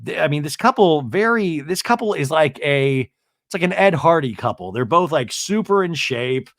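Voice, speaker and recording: A man's voice: a little high, moderate pace, no room sound, studio quality. A man hosting a podcast, recapping a TV episode in a casual, chatty, comedic way with lots of asides. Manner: animated, chatty, full of "like" and asides. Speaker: podcast host.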